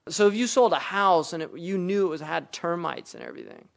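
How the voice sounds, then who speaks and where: A man's voice: fairly high pitch, wildly swooping pitch, fairly quick, vocal fry. A man giving a religious lecture, explaining Arabic words and verses, often rising into emphatic explanation. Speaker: Islamic teacher.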